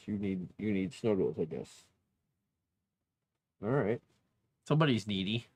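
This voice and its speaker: Lively low-voiced man, dry sound. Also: slow pace, long pauses, slightly rough, no room sound. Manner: muttering to himself, cooing at his cat. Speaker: fantasy writer building a world map. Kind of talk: casual livestream chat while working.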